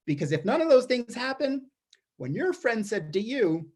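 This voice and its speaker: A high-pitched, very animated man speaks at a moderate pace with a breathy edge. He's a storyteller performer delivering a wry, observational comic monologue, frequently restarting his sentences, captured on a streamed performance mic.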